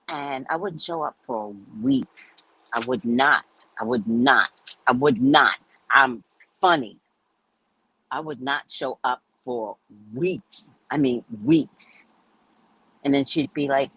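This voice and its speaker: A woman hosting a show, telling a story in a casual, animated way and acting out the people in it. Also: rumbling low, takes it slowly, slightly rough. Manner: animated, acts out quoted voices, laughs often. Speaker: podcast host.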